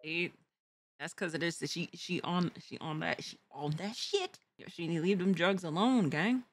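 A woman's voice: on the low side, moderate pace. A woman hosting a meme reaction video, talking in blunt, slangy casual asides.

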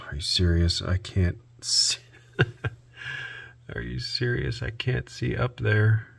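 A man hosting a repair video, narrating his work out loud with dry little jokes to himself. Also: fairly low pitch, creaky. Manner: self-talk with dry jokes. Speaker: host.

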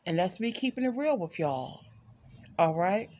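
A woman's voice: lowish voice, very animated, normal speed, darkish tone. A woman giving a candid, chatty tarot reading at home, often stopping to talk to her pet and laughing. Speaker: tarot card reader. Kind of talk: casual tarot reading livestream.

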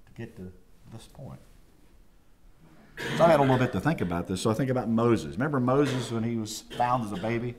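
A man preaching a chapel sermon, lively and acting out quoted voices. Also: mid-range voice, fairly quick. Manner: animated, acts out quoted voices. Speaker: chapel speaker. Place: college chapel.

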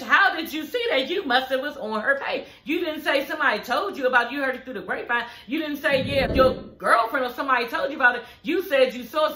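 A woman's voice: fairly high pitch, bright, forceful tone, reverberant, low-quality recording. A woman giving a casual, profane recap of a reality show, talking to viewers as "y'all" in a sassy, chatty way.

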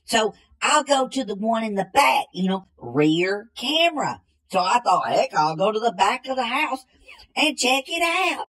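A woman playing a slow-witted, bumbling country man in a comedy sketch, drawling and repeating the same catchphrase. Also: fairly high pitch, big pitch swings, a bit bright, slightly rough, exaggerated voice, poor audio.

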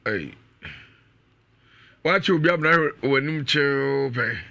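Bright-voiced Ghanaian male radio host. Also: mid-range voice, measured pace, vocal fry, no room sound. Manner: lively, reads comments aloud with exclamations. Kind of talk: radio talk show, reading listener comments.

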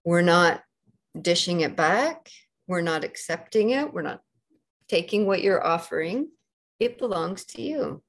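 A woman with a Canadian accent giving a dharma talk as a meditation teacher, gentle and unhurried, pausing often with soft fillers. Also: fairly low pitch, lively intonation. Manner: slow and gentle, with many pauses and fillers.

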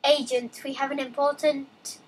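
A young woman with a high voice chats through a let's play, reading game dialogue aloud and breaking off into excited asides. She talks casually and a bit rambling. A faint hum of ambience sits behind her. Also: moderate pace, poor audio.

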